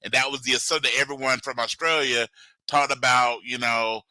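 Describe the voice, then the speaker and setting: Middle-aged male co-host, jokey riffer, very bright voice. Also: mid-range voice, fairly even intonation, dry recording, rough recording. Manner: jokey, riffing, quick asides. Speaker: podcast co-host. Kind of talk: casual chat.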